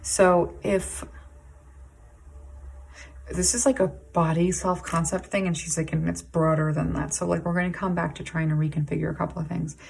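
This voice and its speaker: A woman giving an intuitive tarot reading to camera, halting and rambling with many "like"s and restarts, emotionally intense and pausing to sigh and breathe. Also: fairly low pitch, level tone, vocal fry, a little mellow, slight background noise. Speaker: tarot reader.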